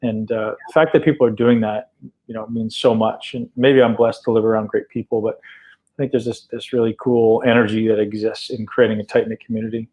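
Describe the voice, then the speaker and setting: A man's voice: on the low side, level tone, a little fast, muffled recording. Enthusiastic male podcast host. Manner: enthusiastic, repeats "right?" often. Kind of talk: casual podcast conversation.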